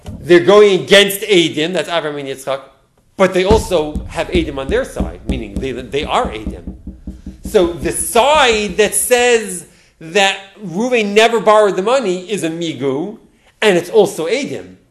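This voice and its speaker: A man's voice: on the high side, expressive. A man teaching a Talmud lesson, explaining it step by step with rhetorical questions and frequent restarts. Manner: halting, restarts words.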